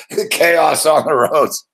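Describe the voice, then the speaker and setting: A man's voice: on the high side, gravelly, a bit bright. A man hosting a casual live reaction chat, laughing, swearing and rambling as he talks. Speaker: host.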